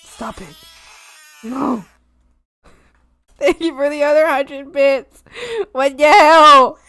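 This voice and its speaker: A woman's voice: high-pitched, slow, pushed and bright. A young woman streaming, chatting casually and thanking viewers, playful and giggly as she teases her chat with mock scolding. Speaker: art streamer.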